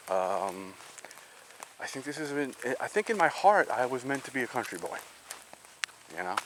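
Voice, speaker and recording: A man from New York walks outdoors in rural nature, chatting casually, rambling, and talking to himself in a walking vlog. His medium-pitched voice is fairly bright, the recording is rough with slight background noise, and the outdoor ambience comes through clearly.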